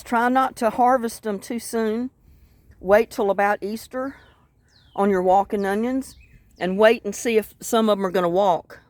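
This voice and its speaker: A woman's voice: mid-range voice, no room sound. Lady vlogging her cooking, homey and chatty, dry close sound. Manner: homey, chatty, savoring food with murmurs. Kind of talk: casual home vlog chat.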